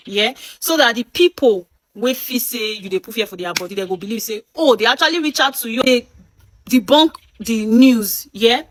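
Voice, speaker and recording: A woman's voice: a little high, dry recording. A Nigerian woman with Pidgin-inflected speech, urging and pleading in a video message.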